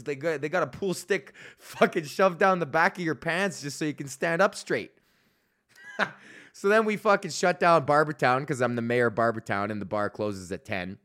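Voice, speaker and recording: A man's voice: fairly high pitch, moderate pace, a bit bright. A young man hosting a podcast, ranting casually and angrily with constant swearing. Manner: profane, exasperated, heavy swearing. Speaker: podcast host.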